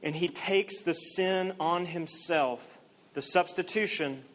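A young man preaching a sermon to students, earnest, swinging from loud emphasis to near-quiet confession. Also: fairly high pitch, takes it slowly, slight background noise. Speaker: campus minister.

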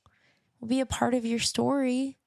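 A woman's voice: on the high side, level tone, normal speed, vocal fry, darkish tone, no room sound, clean studio sound. A young adult woman hosting her podcast, speaking earnestly and reassuringly about faith, often repeating phrases. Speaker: podcast host. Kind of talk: personal faith talk to listeners.

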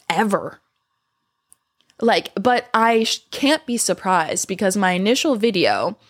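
A young adult woman chatting to camera, rambling and profane, out of breath and with a sore throat. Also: mid-range voice. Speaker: vlogger. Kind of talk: casual chat to camera.

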